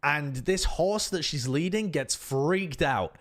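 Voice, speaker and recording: A man's voice: on the high side, slow. A man, a streamer, telling an exasperated casual story and voicing the people in it. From United Kingdom. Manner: animated, exasperated anecdote with voiced quotes.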